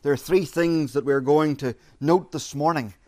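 A man preaching an expository sermon, measured and emphatic, repeating his key phrases. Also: fairly high pitch, a little mellow.

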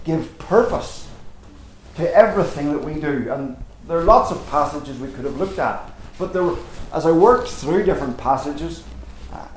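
A man's voice: on the high side, a little mellow, slight background noise. Male preacher, earnest and emphatic, rhetorical questions; echoey church with faint ambience. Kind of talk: sermon.

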